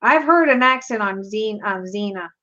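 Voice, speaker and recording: A woman's voice: medium pitch, lively intonation, normal speed, bright, forceful tone, dull audio. A woman hosting a craft tutorial, chatting casually and teasing playfully as she works. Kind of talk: casual demo while crafting.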